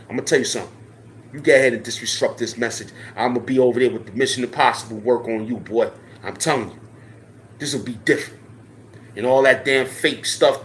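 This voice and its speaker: A man hosting his own channel, delivering a profane, confrontational rant straight to the camera. He repeats his dares over and over, dropping to a low mutter and then climbing to loud challenges. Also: slight background noise. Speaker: channel host.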